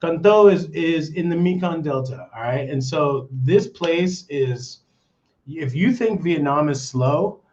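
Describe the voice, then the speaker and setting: A man's voice: fairly high pitch, expressive, slow, darkish tone. A man with an American accent hosting a casual livestream, rambling and checking in with his viewers with "okay?" and "all right?". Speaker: livestream host. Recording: dull lo-fi stream audio.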